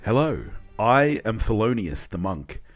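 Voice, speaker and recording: A man's voice: on the low side, sing-song, measured pace, soft background music. A man voicing a naive, eager young monk who preaches in a rambling, zealous way.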